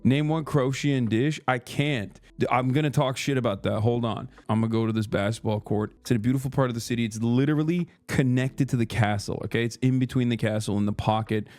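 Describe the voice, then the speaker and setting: A man livestreaming in casual chat, telling stories in a profane, animated way with lots of fillers. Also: mid-range voice, a little fast, hardly any pauses, dry recording.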